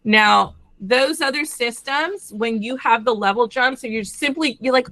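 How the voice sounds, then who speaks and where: A woman brand representative explaining a product in a lively conversational way, often checking in with the listener. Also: fairly high pitch, measured pace, few pauses, no room sound. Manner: animated, addresses listeners directly with frequent "okay?".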